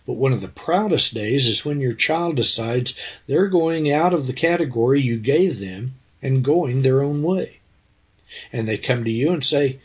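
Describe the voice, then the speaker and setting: Husky-voiced guy being interviewed, earnest storytelling, acts out old conversations. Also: mid-range voice. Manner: earnest, anecdotal, quotes people in dialogue. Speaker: interview guest, actor. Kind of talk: reflective storytelling.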